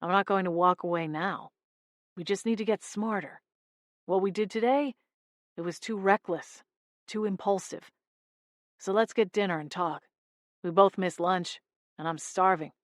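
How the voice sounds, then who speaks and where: A woman voicing a smooth, teasing adult man in an audiobook, with a calm, dry, low-key delivery. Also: unhurried, pauses often, no room sound, natural voice. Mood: calm, businesslike. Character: smooth, teasing adult male monster hunter. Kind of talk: audiobook character voice.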